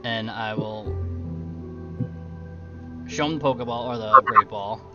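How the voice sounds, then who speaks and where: A man's voice: mid-range voice, a little slow. A man playing in a tabletop game, laid-back and hesitant, with lots of "uh"s and casual swearing. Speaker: player. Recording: dull lo-fi mic with clear background music.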